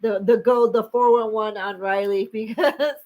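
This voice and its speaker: A woman co-hosting a casual livestream, animated and laughing often as she reads the chat. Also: a little high, moderate pace, muffled recording. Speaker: livestream co-host.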